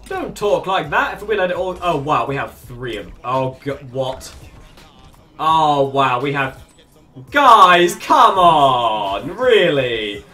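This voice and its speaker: A streamer giving excitable live commentary on a shooter game, yelping, swearing and laughing often. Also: medium pitch, very slow, distant mic, soft background music.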